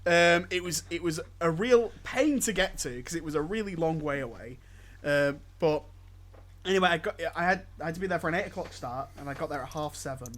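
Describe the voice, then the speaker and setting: A man's voice: fairly high pitch, fairly quick, fairly bright tone. A man hosting a podcast, telling a story casually with lots of stammered restarts. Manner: stammering restarts, laughs often. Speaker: podcast host.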